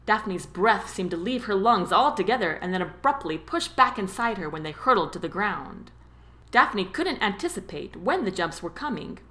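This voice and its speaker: A woman narrating a romance novel as an audiobook, with expressive storytelling. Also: medium pitch. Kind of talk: scripted narration.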